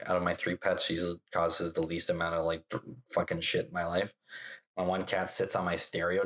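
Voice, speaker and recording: A man's voice: low voice, fairly bright tone. A young man rambling casually to the camera, full of fillers, sighs and swearing. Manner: rambling, filler-heavy, profane, sighing. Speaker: vlogger.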